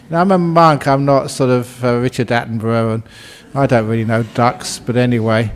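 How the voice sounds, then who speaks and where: A man's voice: mid-range voice, fairly even intonation, brisk. A middle-aged man, a monk, giving a playful storytelling talk, acting out the parts and laughing at himself. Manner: playful, acts out voices and quacks, laughs at himself.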